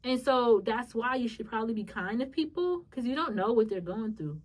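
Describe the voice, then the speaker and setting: Animated woman podcast host, slightly distant mic. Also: fairly high pitch, fairly quick. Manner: lively, animated retelling with acted-out quotes and laughs. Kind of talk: casual storytelling monologue.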